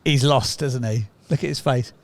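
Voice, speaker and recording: A man's voice: medium pitch, moderate pace. A man co-hosting a podcast, teasing and joking in casual banter. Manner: jokey, teasing, playful. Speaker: podcast co-host.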